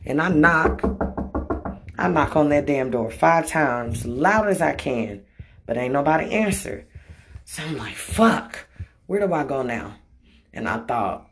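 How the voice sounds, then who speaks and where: Slow, gravelly-voiced woman telling a story. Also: a bass voice. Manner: blunt and profane, emotional retelling. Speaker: storytelling vlogger. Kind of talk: casual storytime monologue.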